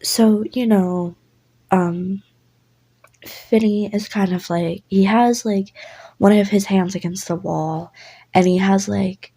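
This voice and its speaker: A woman's voice: mid-range voice, steady tone, slow pace, dark tone, husky, poor audio. A woman casually narrating a listener role-play story in a rambling, apologetic way, with lots of fillers and swearing.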